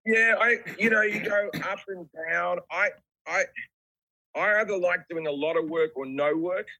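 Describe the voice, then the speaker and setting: A man's voice: high-pitched, moderate pace, sharp tone, rough recording. An Australian man in his forties, chatting as a comedian guest over a video call, laid-back and self-deprecating. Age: 40s. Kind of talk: casual chat.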